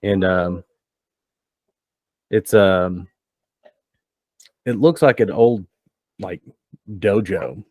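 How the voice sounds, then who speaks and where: Low-voiced man narrating a tabletop game. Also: drawn-out words, long pauses, no echo. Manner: relaxed, descriptive, loose with fillers. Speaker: game master.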